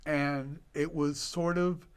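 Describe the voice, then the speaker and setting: Older male doctor guest, unhurried and lively storyteller, slightly higher-pitched voice. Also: clear, resonant tone. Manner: animated, laughing storyteller with dramatic pauses. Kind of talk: personal storytelling in conversation.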